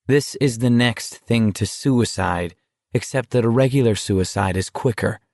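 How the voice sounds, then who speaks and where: A weary teenage boy with a blunt, grim way of talking, unhurried and flat, voiced by a male narrator. It is a storybook reading, close-miked and dry. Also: medium pitch, creaky, dry recording.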